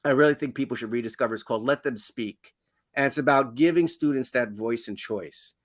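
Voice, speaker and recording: A man guesting on a podcast interview, talking in an animated, emphatic way and jumping up in pitch to stress his points. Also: a little fast, no echo, clean studio sound. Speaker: education consultant guest.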